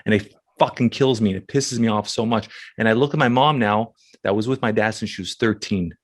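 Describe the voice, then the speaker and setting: Male host, low voice, halting, emotional, lots of restarts, dry close sound. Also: no echo. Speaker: podcast host. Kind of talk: casual conversation.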